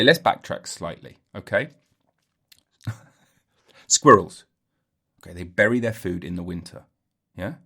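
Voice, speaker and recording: A man's voice: deep voice, vocal fry, a bit bright. A man hosting a solo comedy podcast, rambling and joking, cutting himself off and laughing at his own jokes. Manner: jokey, self-interrupting, laughs at own jokes. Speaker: podcast host.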